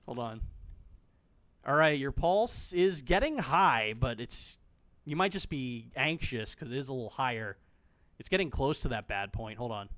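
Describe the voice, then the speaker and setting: A man's voice: medium pitch, lively intonation, normal speed, fairly bright tone. A man streaming a game, chatting casually, joking, swearing freely and talking straight to the characters on screen. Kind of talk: casual gameplay commentary.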